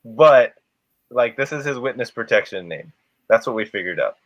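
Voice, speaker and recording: A man's voice: mid-range voice, lively intonation, moderate pace, no room sound, dull audio. A man hosting a livestream chat, talking in a rambling, conversational way. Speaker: livestream host. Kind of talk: casual chat.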